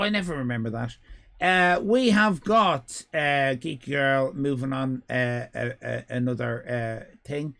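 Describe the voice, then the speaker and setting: A man's voice: medium pitch, measured pace, gravelly, a bit bright. A man hosting a live stream, rambling in casual commentary with mock-serious absurd humor. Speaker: livestream host.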